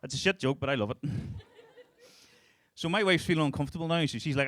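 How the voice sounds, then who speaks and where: A stand-up comedian in his thirties from Northern Ireland, with a strong local accent, tells crude stories on a club stage. His mid-range, fairly bright voice is animated and fast, and he laughs his way through the punchlines.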